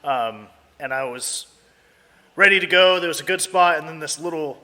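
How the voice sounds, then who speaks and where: A young American man telling a story casually as a podcast guest, animated and acting out voices. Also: a little high, normal speed, in a large hall. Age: young adult. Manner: animated, acts out voices in his stories.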